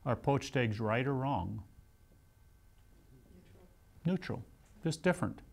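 An older man lectures to a seminary class, his mid-pitched voice carrying a gravelly edge. He talks conversationally, weaving in personal anecdotes and poking fun at himself. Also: lively intonation, a little slow. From United States. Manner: conversational, anecdotal, self-deprecating humor.

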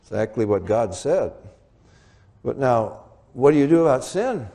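A man preaching a Bible teaching sermon in an animated way, often rising to excited high exclamations. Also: unhurried.

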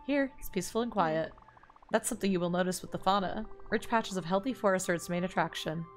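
A woman reading aloud the lines of a chirpy island tour guide from a game, rattling them off quickly. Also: mid-range voice, soft background music, close to an everyday voice. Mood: brisk. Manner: rapid reading of game dialogue.

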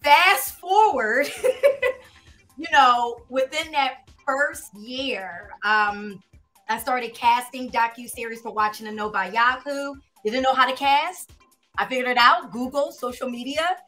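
A woman in her thirties, a producer and director with a Philadelphia accent, tells her story as an interview guest, candid, easygoing and quick to laugh. Her voice is fairly high with a sharp tone, unhurried, and faint music plays behind her.

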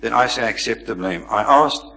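A man's voice: medium pitch, normal speed, creaky, pushed and bright. A man chairing a public question session, speaking firmly and insistently. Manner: firm, insistent, emphatic. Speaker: event chairman. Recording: long hall reverb.

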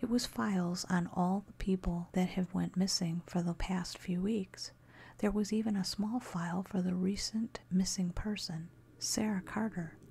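A woman narrating a scary story in a soft, steady whisper. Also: fairly low pitch, normal speed, vocal fry, slightly rough.

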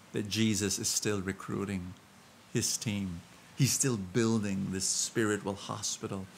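A Filipino man preaching a sermon, shifting from hushed and slow to loud and excited, with self-mocking humor. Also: mid-range voice, breathy edge. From Philippines.

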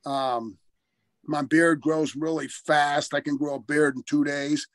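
An older man recalls his wrestling days in a loose, chatty interview. He laughs often and swears freely, his voice sitting slightly high. The sound is dry and close, with almost no room echo. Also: little pitch movement, unhurried. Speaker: former wrestler telling career stories. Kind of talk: casual interview storytelling.

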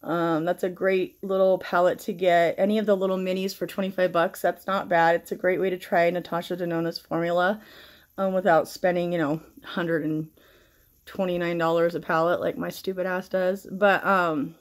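A woman's voice: on the low side, level tone, moderate pace. A middle-aged woman chatting casually through a makeup tutorial, rambling and swearing freely while shaken and stressed. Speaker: makeup vlogger.

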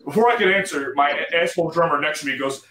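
A man's voice: a little high, fast talker, pushed and bright, slight background noise. Blunt-talking man, distant in an echoey room. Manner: blunt, swears casually. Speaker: band member guest. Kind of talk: casual storytelling.

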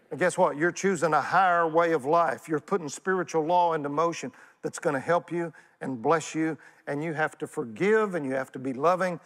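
A man with a Texan accent preaching a sermon as pastor, folksy and animated, calling on the congregation to answer back. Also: fairly high pitch, normal speed. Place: church sanctuary. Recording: church hall reverb.

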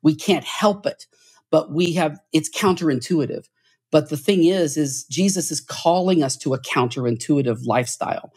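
A man with a husky voice talks as a podcast guest, earnest and preachy. He restarts his phrases often and climbs higher in pitch when a point moves him. His delivery is heartfelt and insistent. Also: normal speed, a little mellow. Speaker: podcast guest, church author. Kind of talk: podcast interview.

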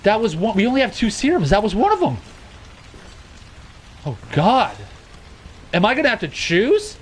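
A man giving let's play commentary, excitable, shouting and swearing at the screen as he plays. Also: sits high, moderate pace, a little hiss or hum. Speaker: gaming channel host. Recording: game music playing under the voice.

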